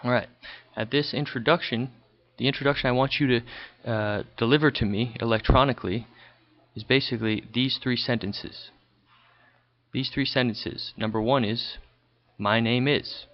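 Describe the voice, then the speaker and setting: A man's voice: medium pitch, steady tone, moderate pace. A man teaching a recorded language lesson over slides, explaining patiently and checking in with a frequent "okay". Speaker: high school Chinese teacher. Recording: dull lo-fi recording.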